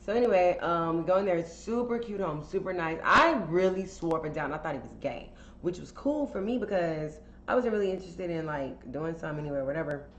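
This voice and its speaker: A woman with a low voice spins a casual storytime for a podcast. She talks in a chatty, candid way, full of fillers and swearing. The sound is roomy and a bit dull, with faint hiss behind her. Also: animated, brisk, hardly any pauses. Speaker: podcast host telling a story.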